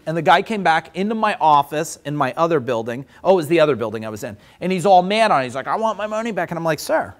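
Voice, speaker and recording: A man with a slightly higher voice leads a workshop in an animated, chatty way. He tells stories and acts out the voices of the people in them. His style is that of a business owner coaching his audience. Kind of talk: storytelling in a workshop.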